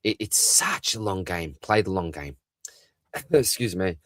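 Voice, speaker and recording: A man's voice: deep voice, very animated, unhurried, fairly bright tone, no echo, clean studio sound. An Australian man hosting a live stream, chatting casually and upbeat as he reads out viewers' comments, laughing easily. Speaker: livestream host.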